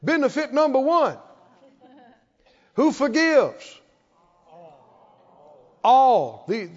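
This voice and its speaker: High-voiced preacher in a reverberant hall. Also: male voice, animated, slow pace. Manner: call-and-response preaching, rising to emphatic shouts. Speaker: pastor. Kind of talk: sermon. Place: church sanctuary. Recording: reverberant hall, dull lo-fi sound.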